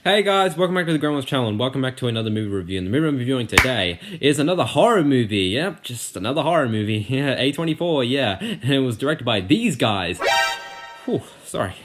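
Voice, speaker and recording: Excitable, profane young man reviewing a movie. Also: mid-range voice, fast talker, soft background music. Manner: excitable, profane, rambling with many restarts. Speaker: movie reviewer and channel host. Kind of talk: casual spoken movie review.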